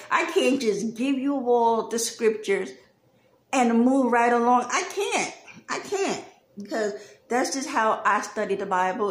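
A woman's voice: medium pitch, reverberant. A woman giving a casual Bible study, chatty and laughing, acting out lines in a sassy voice. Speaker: Bible teacher.

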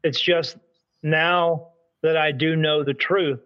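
A man's voice: on the high side, slow pace, muffled recording. A man from Delaware, a spirit medium, casually telling a rambling story in an interview. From Delaware, United States. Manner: rambling, animated anecdote telling with acted quotes.

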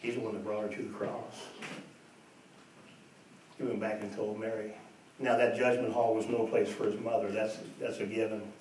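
A man's voice: fairly low pitch, flat delivery, normal speed, long pauses, darkish tone. A man preaching a sermon as pastor, earnest and emphatic, asking his congregation rhetorical questions and repeating his points. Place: church. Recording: echoey church, distant mic, faint noise.

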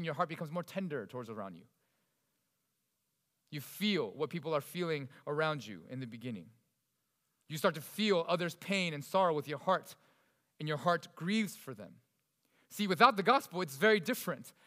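A male pastor delivering a sermon, swinging between loud emphasis and hushed, soft passages. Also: high-pitched, long reverb tail.

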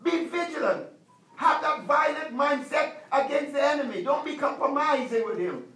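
Male pastor, sermon delivery, insistent repeated commands, high voice, roomy distant sound. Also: pushed and bright. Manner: emphatic preaching with repeated commands, slowing for stress.

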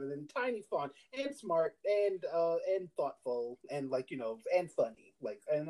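A young man co-hosting a podcast, chatting casually and telling animated stories, acting out other people's lines. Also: normal speed, hardly any pauses, poor audio. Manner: animated storyteller, acts out his wife's lines in a higher voice. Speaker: podcast co-host. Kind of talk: casual chat.

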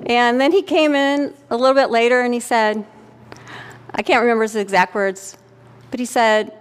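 A woman's voice: on the high side, fairly even intonation, moderate pace, clean tone. Woman preaching in an echoing church. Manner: conversational, candid storytelling with frequent "right?" check-ins. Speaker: pastor's wife preaching. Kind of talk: sermon. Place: church sanctuary. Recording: church hall with long reverb.

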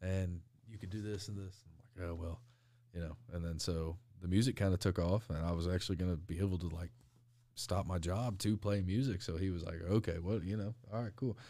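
A man's voice: deep voice, steady tone, brisk, warm tone. A young man, a pro wrestler guest, rambling through stories in casual interview chat and laughing often.

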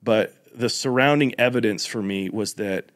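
A man hosting a podcast, talking reflectively and casually, with slang, lively when joking. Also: lowish voice, normal speed. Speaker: podcast host. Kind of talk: casual conversation.

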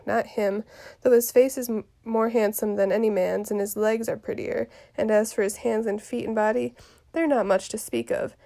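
A woman reading the part of a fussy, complaining old nursemaid aloud from a play, grumbling in a quiet voice. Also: on the high side, gravelly.

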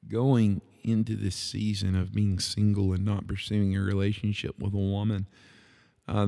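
A man's voice: on the low side, vocal fry, a little mellow. A man hosting a podcast, talking earnestly and conversationally about faith and worship, with frequent fillers and restarts. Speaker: podcast host and worship leader. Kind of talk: casual devotional talk.

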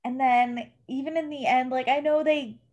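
A woman's voice: sits high, steady tone, normal speed, darkish tone, dull audio. A woman co-hosting a casual book discussion, talking expressively and laughing often. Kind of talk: casual chat.

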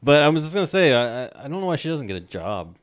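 A man's voice: a little high, sing-song, fast talker, no room sound. A man on a podcast, recapping a film with sarcastic quips and swearing. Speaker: podcast co-host. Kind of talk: casual chat recapping a film.

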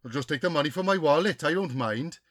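Brief: cheery Welsh spirit of a dead medium, a man doing the voice, lilting, bright. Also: a little high, animated, fast talker, dry recording, clean studio sound. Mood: cheerful.

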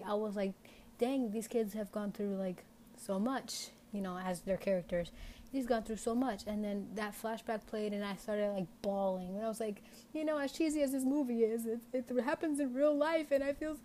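Her mid-range, mellow voice carries a casual, unscripted podcast that she hosts. The young woman rambles candidly with many "like" fillers, over slight background noise.

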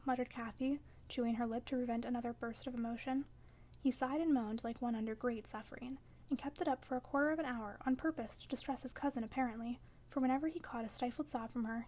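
A woman narrating a classic novel as an audiobook, in measured, even storytelling. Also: fairly high pitch.

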